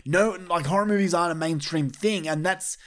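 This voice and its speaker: A man's voice: sits high, a little fast, fairly bright tone. A man ranting bluntly and with heavy profanity as he gives his opinions in a vlog. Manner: blunt, heavily profane, fired up. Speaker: wrestling commentator vlogger. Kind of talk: opinionated rant.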